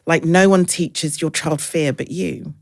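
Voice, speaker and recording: A woman, a podcast guest, talking candidly and reflectively, sometimes acting out others in a bright high voice. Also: measured pace, creaky, no room sound, clean studio sound. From England. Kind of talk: candid conversational interview.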